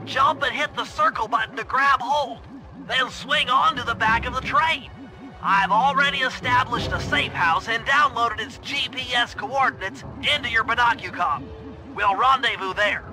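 A brainy turtle sidekick from a video game, his voice pitched very high and thin over game music. He frets and explains things quickly, like a nervous know-it-all. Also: pushed and bright, exaggerated voice. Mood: eager. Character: nerdy anxious male turtle genius sidekick.

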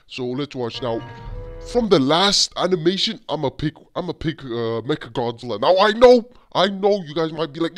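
Hyped young guy reacting to a video, says bro nonstop, slightly high voice, loud music behind. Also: normal speed. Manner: excitable, constantly saying bro. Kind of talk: casual reaction commentary.

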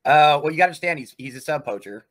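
A man's voice: on the high side, animated, racing, fairly bright tone. A man hosting a livestream, ranting in a profane, combative way. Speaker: livestream host.

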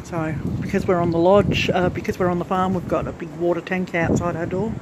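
A woman with a lowish, level voice talks fairly quickly against background noise. A vlogger from a craft channel, she carries a handheld phone through her farm lodge unit and onto the back porch, rambling casually and fixing her own words as she goes.

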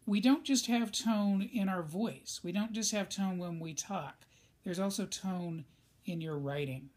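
A male teacher giving a recorded lesson in a conversational way, speaking straight to his students. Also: sits high. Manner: conversational, addresses students directly.

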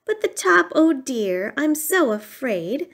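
A woman's voice: sits high, very animated, slow, fairly bright tone, full character voice. A woman voicing a worried young housemaid in a read-aloud storybook, sighing and fretful.

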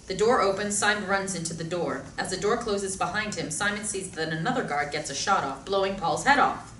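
A woman reads stage directions in a bright, slightly low voice, steady and plain. The sound is echoey, picked up from far off, with faint noise. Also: fairly quick. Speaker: narrator reading stage directions. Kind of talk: script reading. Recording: echoey room, mic far off.

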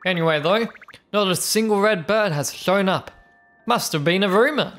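A woman's voice: medium pitch, moderate pace, a bit bright, faint music behind. A young adult woman playing through a video game, chatting playfully and reading the characters' dialogue aloud. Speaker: let's play host. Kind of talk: gameplay commentary.

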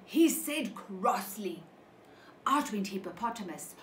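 Preschool teacher, woman, slow expressive storybook reading, roomy echoey sound. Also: mid-range voice, a little hiss or hum. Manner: slow, animated, asks children questions. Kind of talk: reading a picture book to young children.

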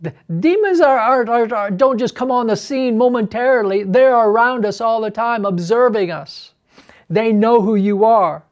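Earnest guy teaching deliverance ministry, plain talk, voice goes low and hushed on quotes. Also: normal speed.

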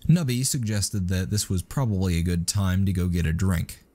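A man reading a story aloud in a steady, scripted narration. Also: sits low, moderate pace.

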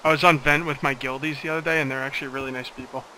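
Fast bright-voiced man gaming. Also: medium pitch, steady tone, slight background noise, low-quality recording. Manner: joking, rambling. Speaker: let's play host. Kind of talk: casual gaming chat.

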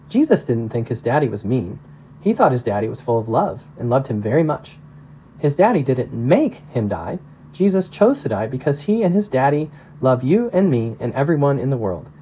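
A man reads as a loving father who speaks softly and tenderly to his children. The voice is mellow and warm in tone. It sounds like a storybook read aloud. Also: medium pitch, very animated, moderate pace, slight background noise, poor audio. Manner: soft, tender and reassuring.

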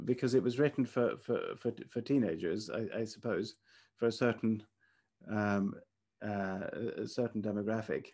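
Male host of an online talk, halting, restarts often, call audio. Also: medium pitch, a little mellow. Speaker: event host. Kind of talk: hosting an online Q&A.

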